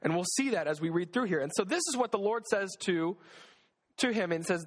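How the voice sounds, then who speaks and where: A man's voice: sits high, animated, brisk. A man giving a casual, conversational sermon, reading scripture and acting out the voices of its figures. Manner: conversational, acts out voices of God and Gideon. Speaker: preacher.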